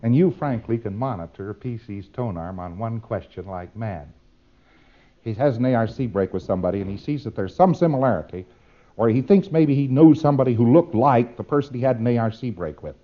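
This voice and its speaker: A man's voice: mid-range voice, lively intonation, a little fast, dull audio. A man giving a demonstrative lecture, acting out exchanges with playful repetition.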